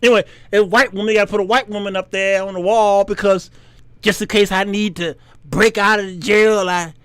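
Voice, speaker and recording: A man hosting his own show, telling a story, acting out the other voices and squeaking high when surprised. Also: fairly even intonation, fairly quick, fairly bright tone, clear, resonant tone, no room sound. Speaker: host. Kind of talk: casual storytelling monologue.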